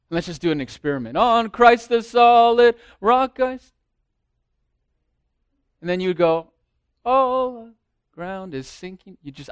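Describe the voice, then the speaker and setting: Pastor, male, high register, dramatic delivery, dry close sound. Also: fairly bright tone, no echo. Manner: dramatic preaching, acts out quoted voices. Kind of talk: sermon.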